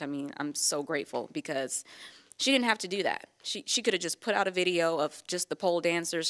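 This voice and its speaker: A woman with a low, deep-set voice talks openly about her work as a pole dancer. She is lively and frank in a relaxed interview and laughs easily. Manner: lively, laughs often, candid. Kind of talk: casual interview chat.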